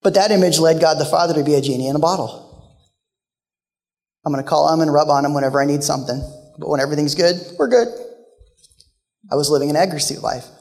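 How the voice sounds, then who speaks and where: Male guest preacher, emotional storyteller, voice sits a touch high, reverb from a big hall. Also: fairly even intonation, fast talker. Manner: storytelling, emotional, shifts between loud and hushed. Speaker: guest speaker. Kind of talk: sermon.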